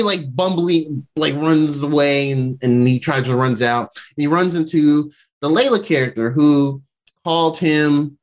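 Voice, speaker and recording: A man's voice: on the high side, normal speed. A man hosting a podcast, recapping an episode in a rambling, casual way and acting out the characters' lines. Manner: rambling, many fillers, acts out character quotes, laughs often.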